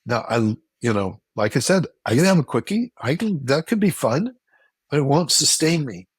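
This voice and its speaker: Animated man explaining in a dry room. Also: moderate pace, slightly rough, no echo. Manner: animated, acts out quoted reactions with a jump in pitch; explanatory, repeats points for emphasis. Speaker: relationship expert guest. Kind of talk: casual interview conversation.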